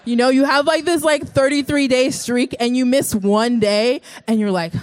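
A woman's voice: on the high side, normal speed, few pauses, darkish tone. Chatty young woman sharing her faith. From Texas. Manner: earnest, chatty, many "like" fillers. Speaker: vlogger. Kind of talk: personal faith testimony.

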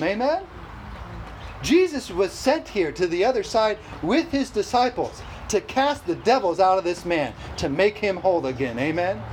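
Brief: a high-pitched male preacher, lively and laughing, at a church service. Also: slight background noise, poor audio. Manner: animated, exclamatory, laughs often. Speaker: pastor. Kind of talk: sermon.

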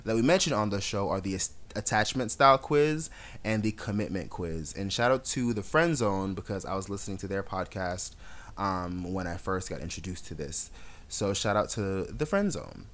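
A young adult man co-hosting a podcast, chatting casually with an animated, sassy storytelling style and frequent laughs. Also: deep voice, normal speed. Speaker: podcast co-host. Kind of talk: casual chat.

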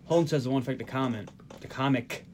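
A man's voice: mid-range voice, fast, a little mellow, a little hiss or hum. A man from the Northeast US hosting a casual podcast, animatedly retelling movie scenes. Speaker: podcast host. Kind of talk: casual movie recap chat.

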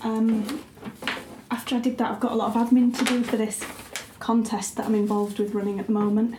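A woman's voice: fairly high pitch, level tone, brisk, echoey room, background noise. A woman, a writer and editor, chatting casually and thoughtfully with frequent ums. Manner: thoughtful, a little hesitant with many ums. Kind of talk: casual conversation.

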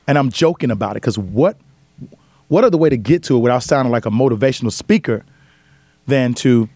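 A man's voice: medium pitch, no room sound. A man, a comedian, talking casually in an interview, telling stories and acting out other people's voices. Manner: fast, animated storyteller acting out voices. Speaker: comedian guest.

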